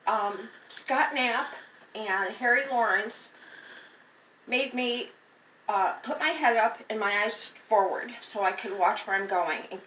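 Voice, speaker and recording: Heard through a distant mic in an echoey room with faint noise, a woman vlogger shares a personal story with her viewers. Her voice is a little high and a bit bright, and she rambles casually, frequently fixing her words mid-sentence.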